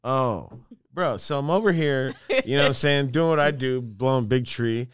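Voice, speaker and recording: A man's voice: mid-range voice, normal speed, clear, resonant tone, no echo, studio quality. An American man, a guest artist, chatting casually and telling stories animatedly. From United States. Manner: animated storyteller. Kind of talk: casual podcast chat.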